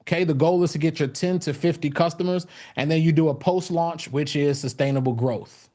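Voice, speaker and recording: A man's voice: fairly high pitch, steady tone, brisk, mellow. A man speaking at an event and telling his own story as a motivational talk, with many fillers and restarts. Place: event stage.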